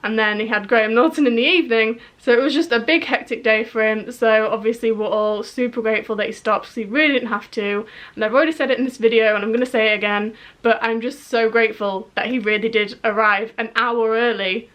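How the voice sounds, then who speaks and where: A woman's voice: a little high, steady tone, brisk, a bit bright. A woman in her twenties with a Yorkshire accent, telling a chatty, rambling storytime vlog with lots of fillers. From northern England. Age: 20s. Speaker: vlogger.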